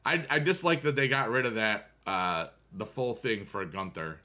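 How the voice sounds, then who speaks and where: Bright-voiced rambling male streamer. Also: on the low side, expressive, a little slow. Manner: rambling and talkative, chats to viewers while gaming; musical asides, hums tunes. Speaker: livestreamer answering chat. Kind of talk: casual livestream chat.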